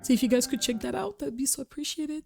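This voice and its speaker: Over game music, a woman streamer gives casual livestream commentary, chatting away and reacting to the game while switching between French and English. She talks quickly and animatedly, her high-pitched, darkish voice carrying some vocal fry.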